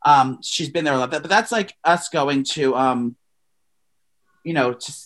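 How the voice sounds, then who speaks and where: A man co-hosting a casual celebrity gossip podcast, animated and profane, breaking into mocking impressions. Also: a little high, measured pace. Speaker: podcast co-host.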